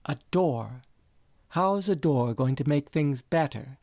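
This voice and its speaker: A man's voice: fairly high pitch, animated, slow pace, a little mellow, dry recording, studio quality, pitched above the performer's own voice. A man voicing a grieving young woman who sounds resentful and pleading. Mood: upset.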